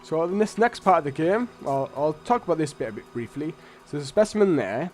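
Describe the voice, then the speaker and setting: Give me a chatty, blunt man commentating a let's play, with a slightly high voice and faint game music. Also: expressive, brisk, a little mellow. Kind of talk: casual gameplay commentary.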